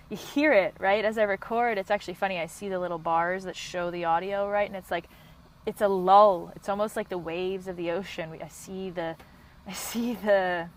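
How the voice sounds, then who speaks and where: A woman coach hosting a solo podcast, talking in a passionate, quick and high-energy way. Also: a little hiss or hum, low-quality recording. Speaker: podcast host and couples coach.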